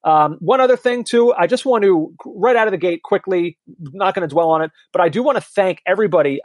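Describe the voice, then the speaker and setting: A man's voice: fairly high pitch, a little mellow, dry recording. A man co-hosting a podcast, chatting in an easygoing, reflective way. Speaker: podcast co-host. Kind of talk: casual chat.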